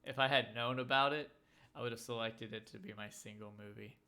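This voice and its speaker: A man's voice: medium pitch, fairly even intonation, brisk, sharp tone. A man co-hosting a casual podcast chat, rambling and wry, often trailing off mid-thought. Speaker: podcast co-host.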